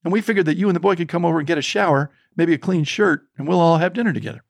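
A man voicing a jolly small-town mechanic in a retold story, talking high and fast through laughter. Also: creaky, no echo. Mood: jovial.

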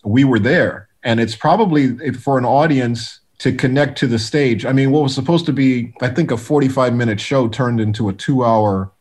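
A man, a guest music producer, telling stories in a relaxed interview, animated and full of restarts. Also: mid-range voice, normal speed, hardly any pauses. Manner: animated storyteller, many restarts, acts out quotes.

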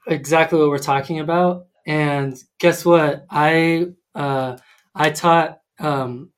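A man's voice: a little high, fairly even intonation, slow pace. A man in casual conversation, talking hesitantly with many ums and restarts. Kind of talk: casual chat.

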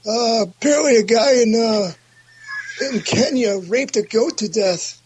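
Guy putting on a crude old saint caller, really high and husky, lots of uhs. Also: darkish tone, highs cut off, heavily acted. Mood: deadpan. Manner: crude, insulting, halting delivery with many "uh"s. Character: rude older saint who calls in to read news.

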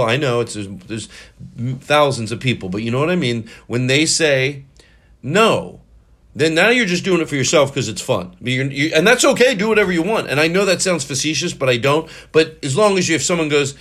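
A man hosting a solo podcast, rambling with many restarts and self-corrections, a little high. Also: a bit bright. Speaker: podcast host.

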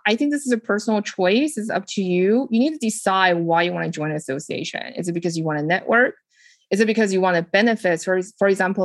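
A woman's voice: lowish voice, no echo. A woman hosting an advice podcast, talking casually and animatedly with frequent fillers and small grammar slips. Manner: lively, animated delivery with frequent "like" and "you know". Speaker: podcast host and home staging business owner. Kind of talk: casual advice podcast, answering listener questions.

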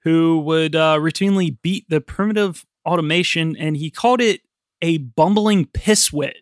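Man host, casual film chat, higher voice, dry close sound, laughs a lot. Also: normal speed, no room sound. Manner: chatty, laughs often, swears casually. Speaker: podcast host.

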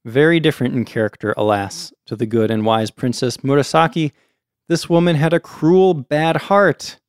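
A man reads an old folktale aloud in a casual podcast manner, stepping out of the text now and then for friendly asides. His voice is smooth and resonant at a middle pitch, recorded close and dry. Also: moderate pace, no echo. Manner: reads steadily, breaks off for chatty asides. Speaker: storyteller host.

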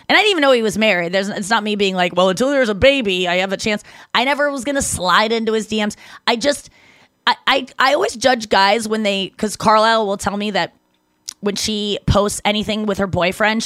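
A Canadian woman co-hosting a podcast, telling stories in casual chat with lots of "like" and quick self-corrections. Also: medium pitch, fairly bright tone, no room sound. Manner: chatty storytelling, heavy use of "like", quick self-corrections. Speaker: podcast co-host.

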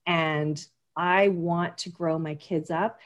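A woman's voice: on the low side, steady tone, slow pace. Earnest woman giving parenting advice. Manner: earnest and emphatic, with frequent restarts. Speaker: parenting guest expert. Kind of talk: casual interview talk.

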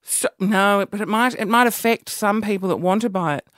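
A woman's voice: mid-range voice, fairly quick, dry recording, clean studio sound. A young woman with an Australian accent, hosting a casual, rambling monologue and poking fun at herself. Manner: animated, rambling, self-mocking.

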